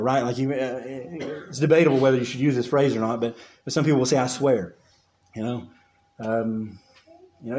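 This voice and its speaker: A man preaching a sermon as pastor, earnest and emphatic, often restarting his phrases and reading scripture aloud in a lowered voice. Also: darkish tone.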